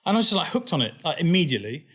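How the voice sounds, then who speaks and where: A man's voice: fairly high pitch, very fast, breathy edge. A man, a company founder chatting as an interview guest and acting out the people in his stories with a laugh. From England. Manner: animated, laughing storyteller who acts out quoted people. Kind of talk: casual interview storytelling.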